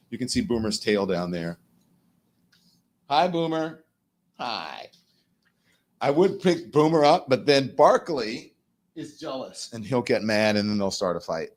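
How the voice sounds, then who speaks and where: Male talk-show host, slightly low voice, candid casual delivery, animated and direct to the audience. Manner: candid, animated, talks straight to viewers. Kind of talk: casual livestream commentary.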